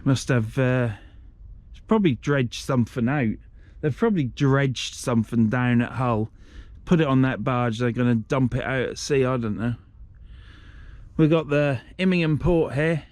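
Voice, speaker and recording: A middle-aged Englishman films a casual fishing vlog on a handheld camera along a riverside shore, grumbling bluntly and swearing freely. His voice is mid-range and a little mellow, at a moderate pace, with no echo.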